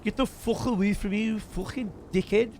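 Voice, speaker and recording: Man doing a rough posh gangster. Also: high-pitched, steady tone, normal speed, a little mellow, slight background noise, lightly acted. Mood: snarling. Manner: snarling, swearing insults. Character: foul-mouthed posh British gangster, rough, adult man.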